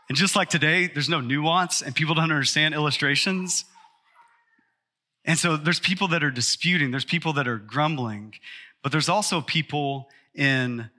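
A man, a pastor, preaching a sermon with emphatic rises to loud peaks. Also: a little high.

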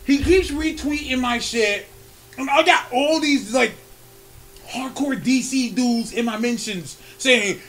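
A man's voice: extremely high pitch, normal speed, soft background music. A man co-hosting a podcast, chatting casually, ranting with feeling and laughing often. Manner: animated, rants, laughs often. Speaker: podcast co-host. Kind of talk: casual profane chat.

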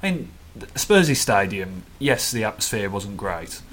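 A man's voice: fairly low pitch, sing-song, unhurried, fairly bright tone. A man with a Black Country accent, co-hosting a casual football podcast in an easygoing, hesitant way. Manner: easygoing, hesitant, many fillers and restarts. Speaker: podcast co-host.

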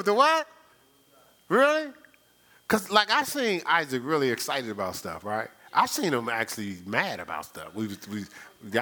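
Lively bright-voiced man preaching. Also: medium pitch. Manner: lively, playful, teasing the congregation. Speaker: pastor. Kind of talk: sermon.

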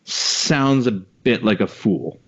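A man's voice: lowish voice, lively intonation, slow, husky. A man co-hosting a podcast in casual, rambling, joking chat. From Canada. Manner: rambling, joking, drops into mock voices. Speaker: podcast co-host. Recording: muffled online call audio.

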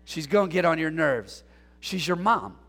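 A male pastor preaches in an animated call-and-response style and jokes with his congregation. His voice sits high for a man and has a gravelly edge with some huskiness. The sound carries a long reverb from the church hall. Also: normal speed. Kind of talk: sermon. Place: church sanctuary.

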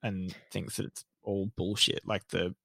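A man's voice: low-pitched, flat delivery, a little slow, creaky, pushed and bright, slightly rough, no echo, clean studio sound. A man with a lisp co-hosting a casual podcast, rambling and hesitant, filling his talk with "like" and "kind of". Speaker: podcast co-host. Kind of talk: casual chat.

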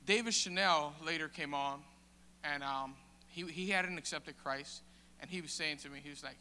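A man shares a halting, casual testimony at church, full of fillers and restarts. His voice is very bright and crisp and sits a little high. It rings with the long reverb of a hall. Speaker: church member sharing testimony.

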